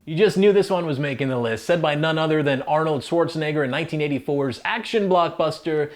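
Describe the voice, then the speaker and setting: A man's voice: on the high side, a little fast. A man hosting a casual countdown video, narrating in an upbeat, chatty way with playful asides to the listener. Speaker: host.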